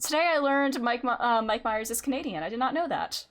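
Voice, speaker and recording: A woman's voice: on the high side, animated, brisk, fairly bright tone, a little hiss or hum. A young woman streaming a game, chatting casually with wry, giggly asides. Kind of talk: casual gameplay commentary, reading game text aloud.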